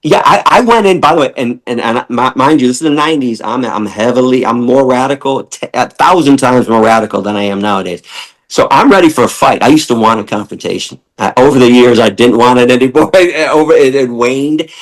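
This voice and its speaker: A middle-aged man telling a long story as a podcast guest, animated, often repeating words and acting out the people he quotes. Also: mid-range voice, brisk, poor audio.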